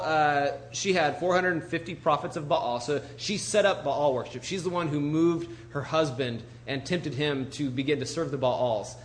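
A man's voice: on the high side, slight background noise. A man preaching, retelling a Bible story in an informal, conversational way with frequent asides and restarts.

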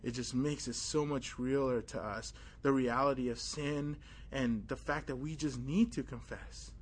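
A young man preaching an informal sermon, telling a personal story in a casual, animated way with many fillers. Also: mid-range voice, a little slow, a little hiss or hum.

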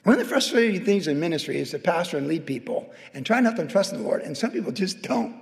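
A man's voice: a little high, very animated, fairly quick, gravelly, long pauses. A middle-aged man, a pastor preaching a conversational sermon that rises to emphatic exhortation, in a church sanctuary. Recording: long hall reverb.

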